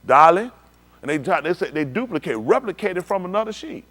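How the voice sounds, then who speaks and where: Animated man preaching with big swings. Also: fairly quick. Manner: animated, swings from low murmurs to loud exclamations. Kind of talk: sermon with live demonstration. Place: synagogue hall.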